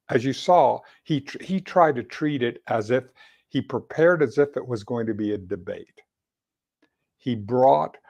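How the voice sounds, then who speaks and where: A mid-pitched male host chatting about politics, stumbling over his words and restarting sentences. His voice sits right in the middle, neither high nor low. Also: gravelly, a little mellow. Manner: halting, many restarts and stammers. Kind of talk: casual political chat.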